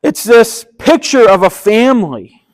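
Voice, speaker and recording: A man's voice: sits high, very animated, measured pace, low-quality recording. A man preaching a casual sermon, retelling a story in a chatty, enthusiastic and slangy way. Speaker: pastor.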